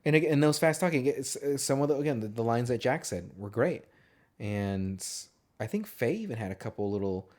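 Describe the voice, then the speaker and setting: A man's voice: medium pitch, expressive, a little fast, darkish tone. Rambling, profane podcast co-host man. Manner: rambling, profane, laughs often. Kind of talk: casual movie chat.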